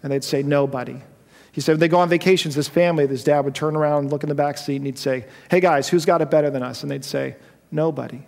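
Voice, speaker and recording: Impassioned male pastor, high voice. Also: fairly even intonation, quick pace, creaky, a little mellow. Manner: impassioned, rising to emphatic peaks. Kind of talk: sermon. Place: church sanctuary with congregation. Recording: long church hall reverb.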